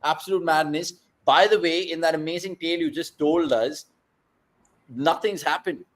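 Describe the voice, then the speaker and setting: A young man hosting a live cricket watchalong, joking around and bursting into loud excitement at big moments. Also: a little high, normal speed. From India. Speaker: watchalong host.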